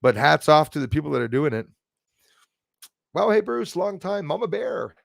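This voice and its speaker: A man's voice: a little high, big pitch swings, moderate pace, gravelly, no room sound, clean studio sound. A man, hosting a casual livestream, chatting along and thanking viewers by name. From Canada. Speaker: livestream host. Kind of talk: casual livestream chat, reading viewer comments.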